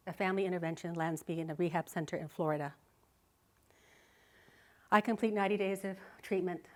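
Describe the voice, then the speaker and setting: A middle-aged woman giving a live talk, telling a personal story vividly and expressively, often laughing. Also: on the low side. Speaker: speaker. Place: live speaking event.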